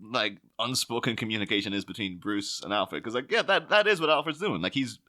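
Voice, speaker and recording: A man's voice: lowish voice, expressive, a little fast, bright, forceful tone. A man hosting a podcast in casual film chat, rambling and laughing often.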